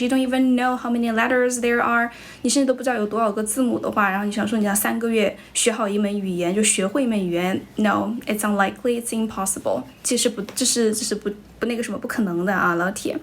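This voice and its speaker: A woman's voice: on the high side, fairly even intonation. Chinese-accented woman teacher on a livestream. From China. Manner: switches between English and Chinese, brisk and blunt with rude viewers. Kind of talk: casual livestream chat answering comments.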